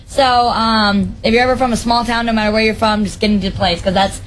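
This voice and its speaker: A woman's voice: medium pitch, steady tone, fairly quick, a little hiss or hum, low-quality recording. A young woman talking as a guest on a call-in show, chatty and bubbly, with many casual fillers. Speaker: guest answering callers. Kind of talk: casual chat.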